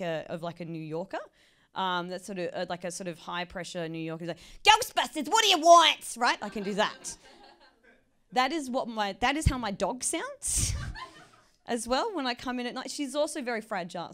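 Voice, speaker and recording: A young woman doing live stand-up comedy in a chatty, self-mocking way, full of stumbling restarts. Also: mid-range voice. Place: live comedy venue with an audience.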